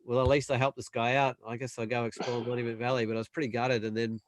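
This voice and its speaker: A young man telling a long, animated story in casual chat, acting out the other people's voices. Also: medium pitch, no echo. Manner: animated storyteller, acts out quoted voices, quick bursts. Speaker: panel guest.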